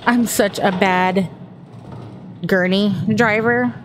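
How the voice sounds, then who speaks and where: A woman talks her way through a horror game, musing out loud, reading items off the screen and jumping at every sound. Her voice sits in an ordinary middle range. A steady hum of background noise runs clearly under the recording. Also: mid-range voice, slow. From Texas. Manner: chatty, thinks aloud, jumpy and easily startled. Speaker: gaming streamer. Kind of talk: horror game let's-play commentary.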